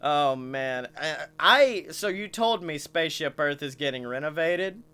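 Bright excitable podcast guy. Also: fairly high pitch, a little slow, clear, resonant tone. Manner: excitable, swears often, laughs a lot. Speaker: podcast co-host. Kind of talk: casual chat.

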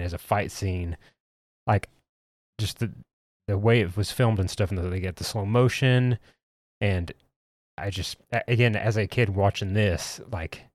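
A man co-hosting a podcast in an easygoing, casual manner, pausing and restarting often. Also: low-pitched, no room sound. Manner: easygoing, hesitant with fillers. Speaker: podcast co-host. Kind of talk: casual chat. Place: podcast studio.

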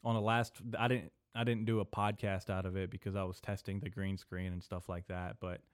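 A young man hosting a casual solo podcast, rambling and swearing, drifting between mumbled asides and loud venting into a desk microphone. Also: deep voice, little pitch movement, a little fast, dry recording, studio quality. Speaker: podcast host. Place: small indoor room.

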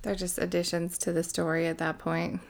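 A woman's voice: fairly low pitch, little pitch movement, moderate pace, gravelly. A woman co-hosting a casual podcast, giggling, swearing and trailing off mid-thought. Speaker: podcast co-host.

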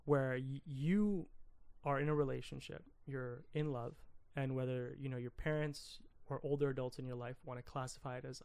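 Gravelly young man, flat delivery. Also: medium pitch, a little fast, hardly any pauses. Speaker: podcast co-host. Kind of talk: casual film discussion.

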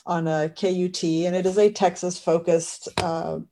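Friendly, fairly low-voiced woman interviewer. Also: flat delivery, moderate pace, dark tone. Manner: friendly, chatty, laughs easily. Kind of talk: casual interview.

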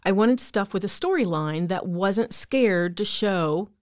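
A woman's voice: medium pitch, expressive, unhurried, no echo, clean studio sound. A woman co-hosting a podcast, chatting candidly and easily. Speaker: podcast co-host. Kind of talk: casual chat.

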